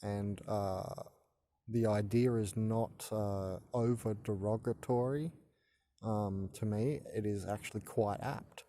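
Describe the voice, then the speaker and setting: A man in his thirties talks informally to camera on his own channel, wandering and hesitating with many stammers and restarts. His voice is low-leaning and mellow, steady in tone and slow in pace, with slight background noise.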